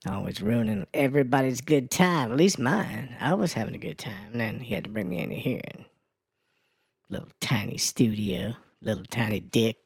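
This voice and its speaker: A man doing a gravelly foul-mouthed woman reporter. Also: mid-range voice, big pitch swings, normal speed, dry recording, clean studio sound, heavily acted. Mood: sassy. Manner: crude, sassy ranting. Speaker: news and weather reporter. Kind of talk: comedy radio character bit.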